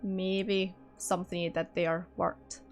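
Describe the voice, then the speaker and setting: A woman narrating as dungeon master for a tabletop game, relaxed and chatty with lots of fillers. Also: lowish voice, slow, soft background music. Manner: relaxed, filler-heavy narration with easy laughs. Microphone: streaming mic.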